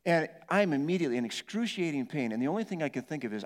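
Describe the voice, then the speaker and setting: A middle-aged male pastor with a somewhat high voice tells a wild personal story from the pulpit, shouting and groaning as he acts out each moment. His words ring out through a big hall with a long echo. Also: very fast. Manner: animated storytelling, acts out yelling and moaning. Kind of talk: storytelling sermon.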